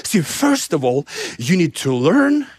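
A man's voice: fairly high pitch, sing-song, a little slow, a little mellow. A man preaching a personal testimony sermon, telling his story animatedly, acting out dialogue and laughing often.

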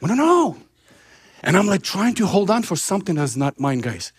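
Animated, husky high-pitched male preacher. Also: fairly quick. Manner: animated, laughing, acts out dialogue. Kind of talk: sermon testimony storytelling.

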